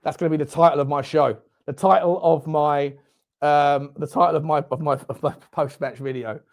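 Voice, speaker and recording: A young man hosting a live football watchalong, reacting loudly, swearing and shouting at the game. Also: fairly high pitch, steady tone, moderate pace. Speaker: fan channel host. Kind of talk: live match watchalong commentary.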